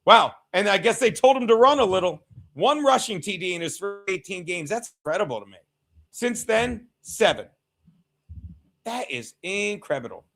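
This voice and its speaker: A man hosts a casual watchalong stream and reacts to the game as it happens. His voice sits high for a man. He talks excitably, swears freely and keeps throwing asides to his chat. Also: moderate pace, vocal fry, low-quality recording. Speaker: livestream host. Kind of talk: casual sports watchalong commentary.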